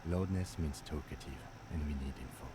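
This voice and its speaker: An actor playing a calm, terse police lieutenant in a video game. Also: male voice, a bass voice, brisk, background noise. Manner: calm, clipped.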